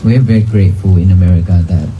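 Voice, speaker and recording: A monk from Vietnam giving a calm dharma talk outdoors to a crowd, often pausing to put questions to his listeners. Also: deep voice, highs cut off, slight background noise. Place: outdoors in a cemetery.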